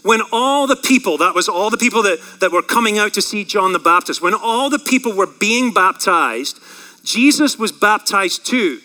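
A man preaching a sermon, lively and playful, acting out quoted voices and repeating key words for emphasis. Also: high-pitched, moderate pace, low-quality recording. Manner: animated, acts out quoted voices, jokes. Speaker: pastor.

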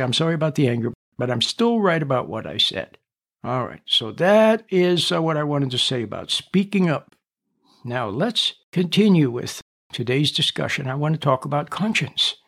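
A man hosting a reflective radio talk, speaking in a calm, repetitive, teaching way. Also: a little high, vocal fry.

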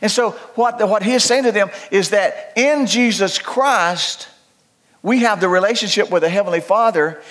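An older pastor preaches in a folksy, joking way. His voice sits high for a man. He rises into loud preaching and drops into quiet asides. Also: moderate pace. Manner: folksy and humorous, swings between loud preaching and low asides. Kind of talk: sermon.

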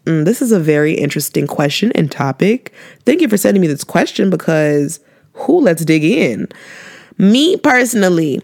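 A woman's voice: mid-range voice, lively intonation, measured pace. Young woman giving sassy faith-based advice. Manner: preachy and affectionate, repeating phrases for emphasis; sassy and emphatic, asking rhetorical questions. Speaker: advice vlogger answering viewer questions.

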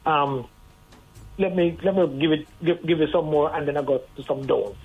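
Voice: mid-range voice, moderate pace, slightly rough. A radio guest, giving earnest, conversational advice over the phone. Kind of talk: radio call-in talk. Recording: tinny phone line over faint music.

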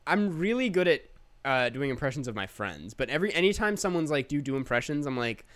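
A man's voice: on the high side, sing-song, brisk, fairly bright tone, no room sound. A man hosting a podcast in casual chat, chatty and self-deprecating, laughing often. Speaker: podcast host.

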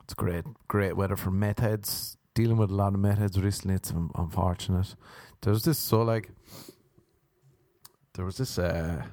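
A man's voice: low voice, fairly even intonation, normal speed, a little mellow, no room sound, studio quality. A man from Ireland with an Irish accent, hosting a solo comedy podcast, rambling through crude jokes and swearing. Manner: crude, swearing, jokey tangents and wordplay. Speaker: podcast host. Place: indoors at home by a window.

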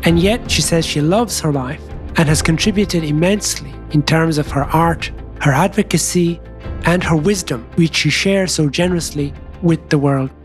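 A man's voice: fairly high pitch, normal speed. A man hosting a podcast, introducing his guest and asking questions in a polite, welcoming manner. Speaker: podcast host. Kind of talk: scripted intro and interview questions. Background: faint music.

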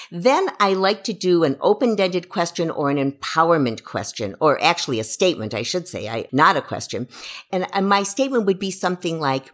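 A woman's voice: on the low side, very animated, a little fast. A middle-aged woman, an educational psychologist, giving parenting advice on a podcast and acting out what parents and children say.

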